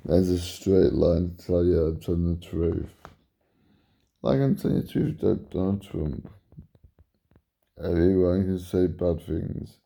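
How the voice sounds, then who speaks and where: A worn-out man vlogging to camera rambles repetitively and aimlessly, with the occasional yawn and abrupt jumps in pitch. His voice is creaky, husky and warm.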